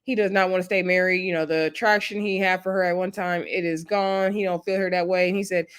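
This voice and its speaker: A woman's voice: lowish voice, fairly even intonation, fast, clean tone. A woman giving a casual, chatty recap of a reality show episode and acting out what people said. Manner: chatty storytelling, acts out quoted lines.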